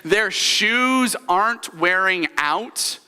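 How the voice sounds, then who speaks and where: A man's voice: sits high, lively intonation, extremely slow, pushed and bright, clear, resonant tone. A man preaching a sermon as pastor, telling the story with humor and leading the congregation through a spoken recap. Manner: storytelling, leads congregation in call-and-response recaps. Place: church sanctuary. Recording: church hall reverb.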